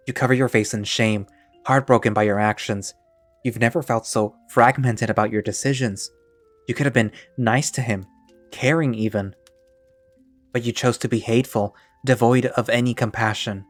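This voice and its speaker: A man giving steady second-person narration for an audio drama. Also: fairly low pitch, normal speed, no room sound, faint music behind.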